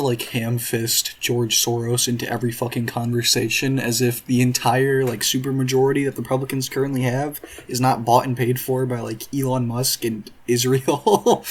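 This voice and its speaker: A man's voice: medium pitch, husky. A man doing reaction commentary in a profane, sarcastic, exasperated rant. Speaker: commentary YouTuber.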